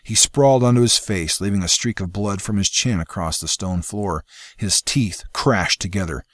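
A man reading a fantasy novel aloud in a measured, dramatic storytelling manner. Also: lowish voice, dry recording, studio quality. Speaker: audiobook narrator. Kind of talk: scripted fantasy narration.

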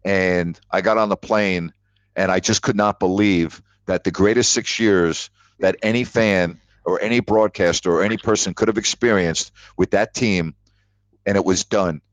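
A man's voice: deep voice, steady tone, moderate pace, dry recording. A man hosting a call-in sports talk show, telling stories with emphatic repetition. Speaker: sports radio host. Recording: dull lo-fi audio.

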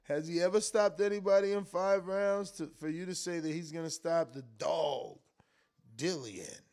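A man with a fairly high voice talks boxing on his live stream, reading comments aloud and arguing back. He speaks in a relaxed, offhand way, swearing now and then and tripping over his own words as he thinks aloud. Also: moderate pace. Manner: loose and conversational, swears, repeats words, argues with the chat. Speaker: live stream host reading super chats.

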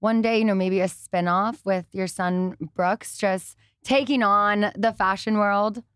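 A woman hosting a podcast interview, encouraging her guest with quick affirmations. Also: medium pitch, fairly even intonation, a bit bright, clean tone, no echo, studio quality. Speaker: podcast host. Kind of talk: casual interview. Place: studio.

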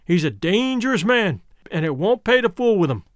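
A surly, bullying patrolman with a sour bite, his pitch raised and lively, as a male narrator reads him. The read is dry and close-miked. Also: moderate pace, no room sound.

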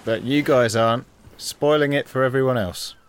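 A man, co-hosting a podcast, chatting casually with animated, exasperated riffs. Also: mid-range voice, moderate pace, clear, resonant tone. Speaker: podcast co-host. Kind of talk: casual chat.

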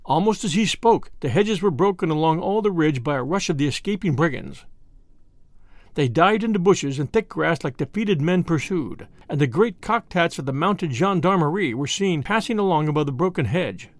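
A man narrating a classic mystery story in an expressive reading. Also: a little high, moderate pace, dry recording, studio quality.

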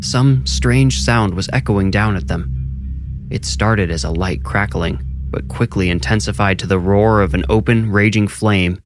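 A man narrating a horror story in a measured, suspenseful way, with loud music behind. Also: on the low side. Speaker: narrator and author.

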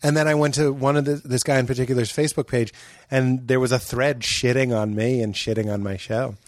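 A man's voice: medium pitch, steady tone, a little fast, no echo. A male comedian on a podcast, speaking earnestly and reflectively. His voice sits in a middling register. The recording is dry. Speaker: comedian guest. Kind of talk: casual podcast chat.

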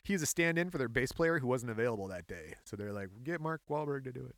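A man's voice: medium pitch, fast talker, no echo. A young adult man co-hosting a podcast, casually telling stories and joking with his co-host. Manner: lively, playful storyteller. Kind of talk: casual chat.

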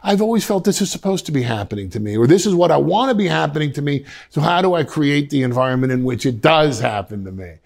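Gravelly storytelling man in his fifties. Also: a little high, quick pace, few pauses. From Westchester, New York. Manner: animated, many restarts, slips into quoted voices. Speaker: guest. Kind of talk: reflective storytelling in a podcast interview.

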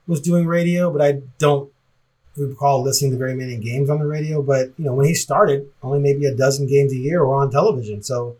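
A man chatting on a sports podcast, rambling and reflective, often breaking into a laugh. His voice sits at an ordinary middle pitch for a man. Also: steady tone, a little fast, darkish tone. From Portland, Oregon area. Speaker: podcast co-host. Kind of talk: casual podcast chat.

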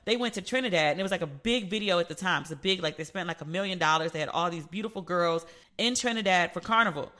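A woman's voice: on the low side, fast, bright, forceful tone. A middle-aged woman hosting a podcast, chatting playfully about celebrity news and slipping into voices to act out what people said. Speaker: podcast host. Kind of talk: casual pop-culture commentary.

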